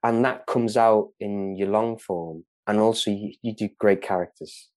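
A man's voice: fairly low pitch, fairly even intonation, unhurried, a little mellow, no echo. A man from England in casual conversation, talking in a hesitant way with many fillers and restarts, laughing often. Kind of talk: casual chat.

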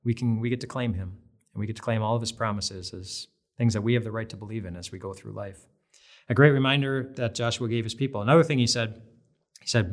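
A man's voice: on the low side, fairly quick. A man giving an earnest, conversational devotional Bible talk, repeating phrases for emphasis. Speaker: devotional speaker.

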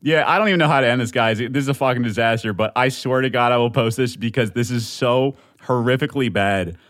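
A man's voice: mid-range voice, quick pace, dry recording. Manic, rambling young man with a dry sound. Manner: manic, rambling, swearing, bursts of shouting and laughter. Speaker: podcast host. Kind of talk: casual solo podcast teaser.

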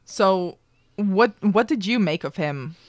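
Lively, opinionated woman host. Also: medium pitch, slow pace, no echo, clean studio sound. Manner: enthusiastic, opinionated. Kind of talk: casual chat.

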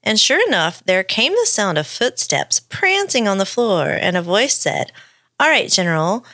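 A woman's voice: medium pitch, wildly swooping pitch, normal speed, a bit bright, no room sound, studio quality. A woman co-hosting a podcast, reading a story aloud with playful asides. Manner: reads the script with playful asides. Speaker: podcast co-host.

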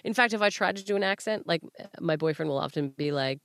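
A woman's voice: sits low, fast, gravelly, no echo, clean studio sound. A woman hosting a podcast, chatting casually and telling stories with playful put-on voices. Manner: animated, jokey storytelling with playful voices. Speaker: podcast host. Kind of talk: casual chat.

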